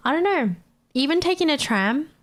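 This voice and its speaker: A woman's voice: high voice, animated, normal speed. A woman streamer chatting casually, ranting with frequent swearing and laughter. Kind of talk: casual live-stream chat.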